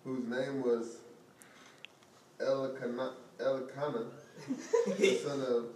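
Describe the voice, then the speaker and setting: A man reading a scripture passage aloud in class, haltingly, stumbling over the names. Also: mid-range voice, flat delivery, darkish tone, slight background noise. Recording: distant, echoey room mic.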